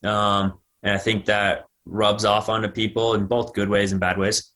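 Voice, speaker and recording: A man's voice: fairly low pitch, flat delivery, moderate pace, a bit bright. An American man in his thirties, a guest athlete giving thoughtful answers in a casual podcast interview. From United States.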